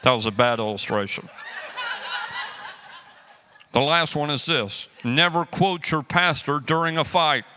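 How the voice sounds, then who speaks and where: A man's voice: on the high side, unhurried, long pauses, noisy background. A man preaching a sermon as pastor, joking and acting out everyday quarrels as he teaches. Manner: animated, joking storyteller who acts out quotes.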